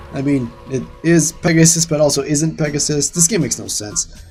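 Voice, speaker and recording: A man's voice: a little high, fairly quick, darkish tone. Ranting sarcastic man with light music. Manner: sarcastic, ranting, swears freely. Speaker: gaming channel host. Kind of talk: casual let's-play commentary.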